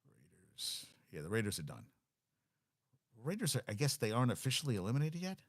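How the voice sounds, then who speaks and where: A man runs a casual sports talk monologue, firing off numbers and records between blunt, wry comments. His voice sits at an ordinary pitch. The sound is dry, with no room around it. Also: very animated, a little fast, no room sound. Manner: rattles off stats, blunt and wry. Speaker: sports show host.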